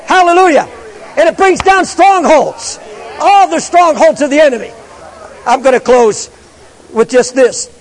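A man preaching a fervent, pleading sermon, repeating himself as he presses his point. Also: extremely high pitch. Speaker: pastor. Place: large church with balcony. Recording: reverberant church sanctuary.

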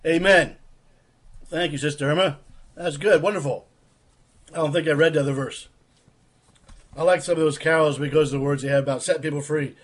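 Male prayer-room host, husky, a touch high, earnest preacherly delivery. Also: steady tone, a little fast, pauses often. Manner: earnest, preacherly, quotes hymn lines. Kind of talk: casual sermon.

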